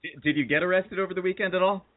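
A man's voice: high-pitched, steady tone. Jokey male podcast host, tinny sound. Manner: jokey, laughs often, halting with fillers. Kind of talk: casual chat. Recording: tinny phone-like audio.

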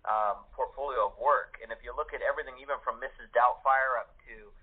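Man from Canada, actor guest, mid-pitched voice, measured and thoughtful, tinny phone-line audio. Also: fairly even intonation, husky. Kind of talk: casual interview talk.

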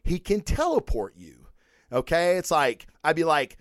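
A man's voice: fairly high pitch, normal speed, no room sound, clean studio sound. A middle-aged man hosting a comic book vlog, ranting bluntly and swearing freely in casual commentary. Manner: blunt, animated, profane, ranting. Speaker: comic book vlogger host. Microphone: microphone and camera.

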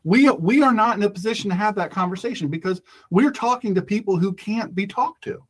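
A man's voice: sits high, a little fast, a bit bright. A man hosting a radio call-in show, ranting emphatically and repeating his points. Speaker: talk radio host. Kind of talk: opinionated radio monologue.

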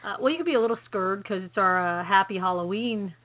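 A woman co-hosting a call-in internet radio show, chatting casually, excitable and quick to laugh. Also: mid-range voice. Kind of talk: casual chat. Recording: phone-like band-limited audio.

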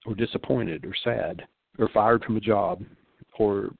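An older man preaches in a low, gravelly voice, earnest and insistent, circling back to repeat his key phrases. He speaks as a pastor giving a radio talk. The sound is thin and phone-like, with no room around it. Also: unhurried, dry recording. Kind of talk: spoken sermon-style radio talk. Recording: phone-like dry line.

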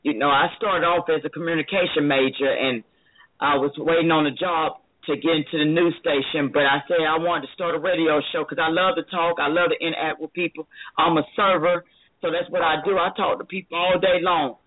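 A woman's voice: low-pitched, fairly even intonation, fairly quick. A woman hosting her own radio show, chatting in an earnest, candid way. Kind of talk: casual interview chat. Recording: phone-like, band-limited line.

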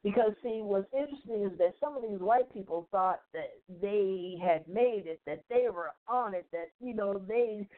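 A woman from the South Side of Chicago hosting a podcast, retelling events in a blunt, profane, animated way. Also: fairly high pitch. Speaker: podcast host. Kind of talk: casual storytelling commentary. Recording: tinny phone-like audio.

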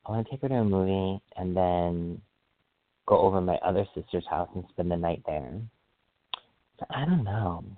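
A man hosting a solo podcast, chatting casually in an excitable, rambling way and often apologizing for going off track. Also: low voice, normal speed, dry recording. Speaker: podcast host. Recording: dry, phone-like sound.

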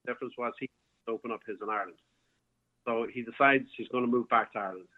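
A man, a bar owner, telling a rambling story at an ordinary pitch. He keeps restarting and filling gaps as he goes. His voice comes through a tinny, phone-like line. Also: fast. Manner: rambling, with many restarts and fillers. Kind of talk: casual storytelling. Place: home, calling in by phone.

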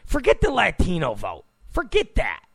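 A man's voice: high-pitched, wildly swooping pitch, normal speed, gravelly, husky. A man hosting a political talk show, giving an opinionated monologue, emphatic, repeating phrases and stammering on restarts.

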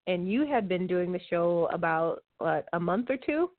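A woman's voice: on the low side, animated, moderate pace, no echo. Chatty woman on a dry phone line. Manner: chatty, laughs easily. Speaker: podcast co-host. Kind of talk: casual chat.

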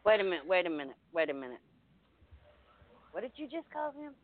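A woman's voice: fairly low pitch, big pitch swings, brisk. A woman co-hosting a comedy show, blunt and sarcastic in casual banter. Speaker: co-host. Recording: phone-like audio.

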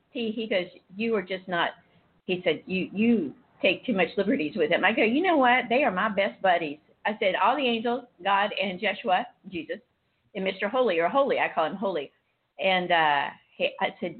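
A woman hosts a casual talk show, her voice a little husky and breathy. She tells animated stories and acts out the lines of each person in them. The sound is thin and tinny, like a phone line. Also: mid-range voice, normal speed. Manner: animated storyteller, acts out dialogue with laughter. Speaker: host. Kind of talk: casual chat.

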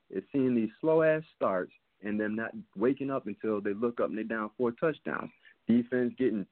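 A man's voice: on the low side, dry recording. A man co-hosting a casual sports talk show from his basement, ranting heatedly. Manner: heated, ranting with rising emphasis. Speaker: podcast co-host. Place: home basement. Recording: tinny phone-line sound.

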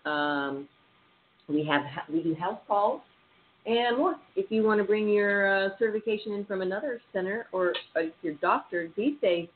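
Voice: mid-range voice, moderate pace. A radio show host talking in a chatty, rambling way and laughing easily. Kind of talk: casual radio chat. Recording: phone-like sound with faint hiss.

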